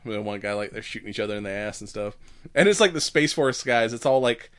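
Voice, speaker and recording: A man's voice: lowish voice, expressive, quick pace, fairly bright tone, dry recording. Laughing, rambling podcast guy. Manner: rambling, laughing, acting out quoted lines. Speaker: podcast co-host. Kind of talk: casual chat recapping a comedy series.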